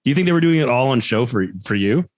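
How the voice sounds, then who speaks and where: A man's voice: mid-range voice, lively intonation, quick pace, darkish tone. Thoughtful man co-hosting a sports podcast. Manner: reflective, analytical, laughs along. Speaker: podcast co-host. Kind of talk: casual sports podcast chat.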